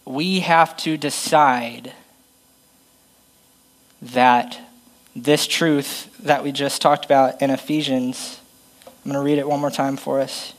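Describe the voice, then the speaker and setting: A man's voice: mid-range voice, steady tone, slow pace, long pauses, low-quality recording. A man preaching a conversational, self-deprecating sermon and reading Bible passages aloud.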